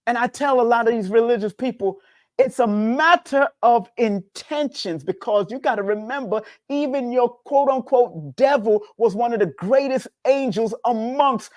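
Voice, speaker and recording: Man, spiritual teacher type, casual preachy talk with big pitch swings, dry recording. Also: animated, moderate pace, no echo.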